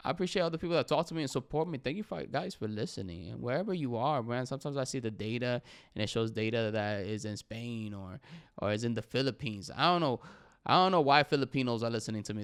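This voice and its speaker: A man's voice: mid-range voice, gravelly, smooth. A man in his thirties, a comedian hosting his own podcast, talking candidly and in a rambling, reflective way about how he feels. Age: 30s. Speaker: podcast host and stand-up comedian. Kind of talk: candid solo podcast monologue.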